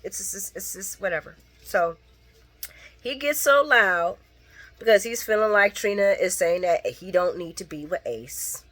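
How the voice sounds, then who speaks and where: Woman soap recapper, chatty and animated, swears freely, talks to her fans. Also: medium pitch, unhurried. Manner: animated, profane, talks to viewers; quoting characters mid-story. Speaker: soap opera recap vlogger. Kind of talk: casual recap chat.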